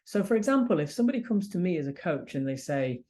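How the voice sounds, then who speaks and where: A man's voice: sits high, very animated, fast, mellow. A man coaching freelancers, speaking directly and acting out sample emails and client replies. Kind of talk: advice talk to camera.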